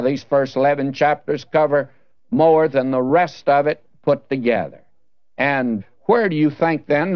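A man's voice: medium pitch, no room sound. A man preaching a Bible sermon, earnest and folksy, asking rhetorical questions and speaking straight to the listener. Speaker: Bible teacher. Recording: dull, slightly muffled dry recording.

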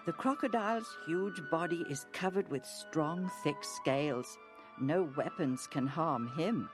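Woman Bible storyteller, slow, low-ish voice, music bed. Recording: narration over music.

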